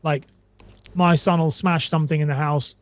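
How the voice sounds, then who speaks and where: A man's voice: on the high side, steady tone, moderate pace, no echo. A man on a podcast who chats casually, rambling and retelling quotes with many restarts. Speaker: podcast guest. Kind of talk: casual conversation.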